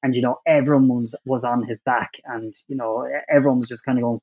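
A man's voice: mid-range voice, steady tone, fast talker, a little mellow, slightly rough. A man co-hosting a casual sports podcast, confident and teasing, with lots of "you know" fillers. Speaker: podcast co-host. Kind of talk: casual chat.

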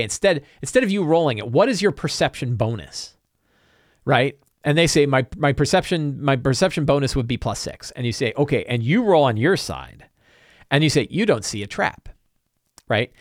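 A man hosting a talk show, chatting casually and answering viewer questions in a rambling, animated way. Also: medium pitch, no room sound, studio quality. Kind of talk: casual chat.

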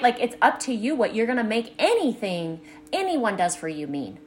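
A woman's voice: a little high, big pitch swings, brisk, few pauses. A middle-aged woman, a life coach co-hosting a podcast with her daughter, talking in an earnest, enthusiastic way, full of "like". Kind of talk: casual podcast chat.

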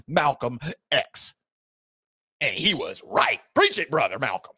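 A man's voice: mid-range voice, wildly swooping pitch, a little slow, sharp tone, slightly rough, dry recording, studio quality. A man hosting a podcast, delivering an angry, sarcastic political rant with heavy emphasis. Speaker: podcast host.

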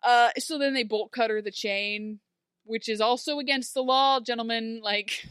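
A woman's voice: fairly high pitch, steady tone, normal speed, a bit bright, smooth, no echo, studio quality. A woman co-hosting a podcast, recapping a TV episode in casual chat and acting out characters in exaggerated voices.

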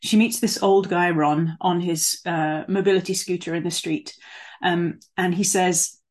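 Husky, low-voiced woman preaching casually. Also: steady tone, a little slow. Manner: conversational, with fillers and asides. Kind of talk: sermon.

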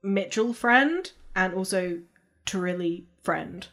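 A woman's voice: mid-range voice, lively intonation, slow pace, fairly bright tone, soft background music. A woman playing in a tabletop role-play, describing her character's actions in a casual, chatty way. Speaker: player.

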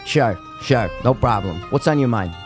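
A man voicing a burly middle-aged New mob boss, talking in a halting, gruff, stammering way. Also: mid-range voice, lively intonation, soft background music, voice pushed down, lightly acted. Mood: wheedling.

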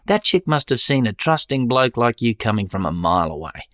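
A man's voice: mid-range voice, big pitch swings, fairly quick, a bit bright, dry recording, studio quality, pitched above the performer's own voice. A man voicing a blunt, mocking Australian mate with a casual habit of swearing, speaking in an Australian accent. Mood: scornful. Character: blunt Aussie mate, middle-aged man.

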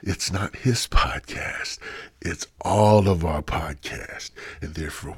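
Husky, profane man ranting solo. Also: on the low side, no echo. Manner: profane, rambling, sighing, feeling sick. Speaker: podcast host. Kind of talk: rambling solo podcast rant.

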